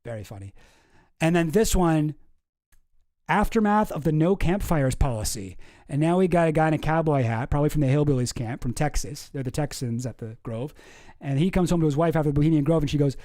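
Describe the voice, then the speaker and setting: A wry, rambling man riffs casually on cartoon captions, his voice a bit higher than most men's and mellow in tone. He is recorded close and dry, with no room sound, as if at a home desk. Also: fast, no echo. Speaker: host. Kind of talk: casual commentary reading cartoons aloud.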